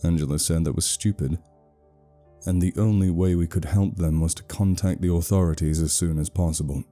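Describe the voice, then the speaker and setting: A man narrates a scripted first-person horror story in a low, very dark and mellow voice. His delivery is measured and somber. Soft music plays faintly underneath. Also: fairly even intonation.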